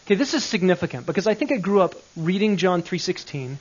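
Guy with a high voice walking a class through bible grammar, asks okay? a lot, kinda dull lo-fi sound. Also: lively intonation, fast, breathy edge. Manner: explains step by step, asks checking questions, chuckles often. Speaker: Bible teacher.

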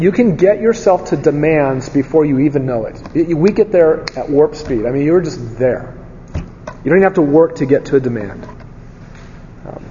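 A man preaches in a relaxed, conversational way, his voice a touch high and warm. He tells candid stories from his own life and tosses rhetorical questions to the room. The recording is dull and lo-fi, with a long hall reverb and faint ambience behind him. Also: a little hiss or hum. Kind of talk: conversational sermon.

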